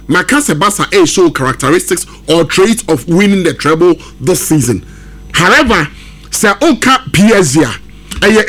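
A man's voice: high voice, fairly bright tone. A man giving emphatic football analysis on a sports radio show, switching between English and Twi. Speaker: football pundit.

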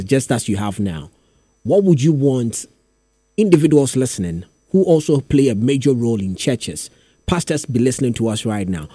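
A man hosting a radio interview, asking measured questions and murmuring agreement. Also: medium pitch, mellow, breathy edge, dry recording. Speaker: radio host.

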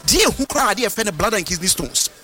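A man, a guest on a radio health talk who explains herbal medicine in an animated, lecturing, sing-song way. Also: high voice, fast.

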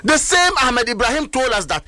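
A man's voice: very high-pitched, sing-song, fairly quick, pushed and bright, dry recording. A man with a Ghanaian accent, speaking as a political guest on a talk show with emphatic, scornful commentary and rhetorical questions.

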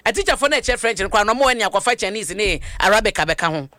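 A Ghanaian woman co-host with a bright, clear-edged voice, talking animatedly through current affairs. She slips freely between Twi and English, and the sound is close and dry with no room echo. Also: medium pitch, lively intonation, racing. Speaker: radio show co-host.

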